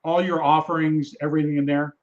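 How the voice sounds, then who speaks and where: Halting male podcast host, lo-fi sound. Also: fairly high pitch, flat delivery. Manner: halting, conversational, with many restarts. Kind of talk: casual interview chat.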